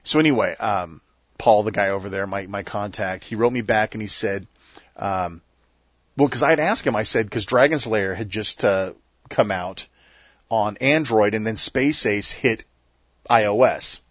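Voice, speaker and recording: A middle-aged man hosts his own show, telling a long story in a casual, animated, fuming way. The sound is dull and lo-fi, close and dry with no room around it. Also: lowish voice, normal speed, no room sound. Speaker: podcast host. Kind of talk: casual monologue.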